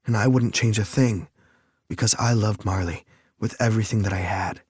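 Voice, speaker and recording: A man narrating a romance audiobook in first person, measured and even. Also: fairly low pitch, husky.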